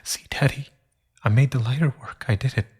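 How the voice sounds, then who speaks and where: Guy doing a scared little boy voice, way up high and shaky, begging and trying not to cry. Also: fairly quick, a little mellow, slightly rough, lightly acted. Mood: pleading. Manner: shaky, tearful pleading. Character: young grieving boy, frightened and pleading.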